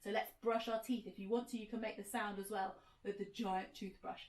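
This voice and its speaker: A woman telling an interactive children's sensory story, gently encouraging listeners to act it out. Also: mid-range voice, fairly even intonation, fairly quick, roomy sound, low-quality recording. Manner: gentle, encouraging, directs listeners to move along.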